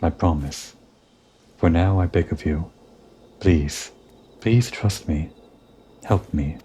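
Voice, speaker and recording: A man reading the lines of an earnest, mysterious young woman who pleads haltingly, reading game dialogue aloud. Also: low voice, mellow, slight background noise. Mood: pleading.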